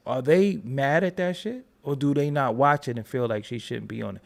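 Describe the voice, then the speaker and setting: An American man hosting a commentary channel, talking in an animated, emphatic and profane unscripted rant. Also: mid-range voice, normal speed, gravelly. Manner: animated, emphatic, profane, talks over repeated restarts.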